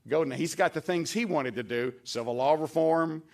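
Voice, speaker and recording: An older man, a former staff member, stands at a podium in an event hall delivering a tribute speech at a dedication. His voice is fairly high and his pace moderate. A folksy storyteller, he shares anecdotes and acts out the lines he quotes with a raised voice.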